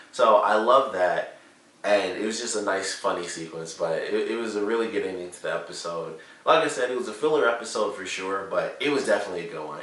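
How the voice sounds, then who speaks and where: A man giving a casual, rambling spoken review of a TV episode, excitable and full of "like" and "you know". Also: fairly low pitch. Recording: roomy echo, distant from the mic.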